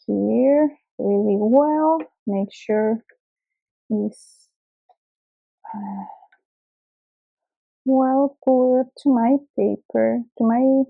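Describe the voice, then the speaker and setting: A woman hosting a craft tutorial, explaining each step slowly and carefully with small fillers, an English speaker. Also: a little high, vocal fry, narrow, tinny audio.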